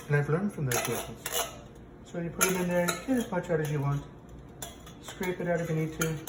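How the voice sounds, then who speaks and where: A man's voice: fairly high pitch, background noise, lightly acted. A man playing a bragging, rambling president-chef. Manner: bragging, rambling, self-contradicting. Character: boastful rambling male president hosting a cooking show. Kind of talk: comic cooking show parody. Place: home kitchen. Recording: echoey kitchen, mic from a distance.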